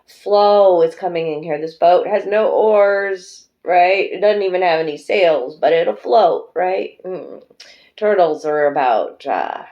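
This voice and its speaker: A woman's voice: on the low side, slow, dull audio. Chatty, emotional woman tarot reader. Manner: emotional, chatty, swears and laughs freely; speaks fondly to viewers as darlings and sisters. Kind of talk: pick-a-card tarot reading.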